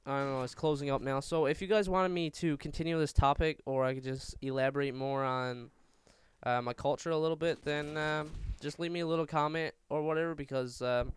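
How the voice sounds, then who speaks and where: A man's voice: a little high, fairly even intonation, clear, resonant tone, no room sound. A man with a Newfoundland accent, ranting casually over gameplay with many fillers and stumbles. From Newfoundland, Canada. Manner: rambling, stumbling, full of fillers; talks fast by habit. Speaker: gaming channel host.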